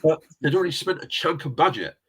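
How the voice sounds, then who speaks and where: A man's voice: a little high, lively intonation, fast, breathy edge. A middle-aged man, telling rambling anecdotes as a guest in a casual interview. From England. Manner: rambling anecdotal storyteller, chuckles often. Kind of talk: casual chat.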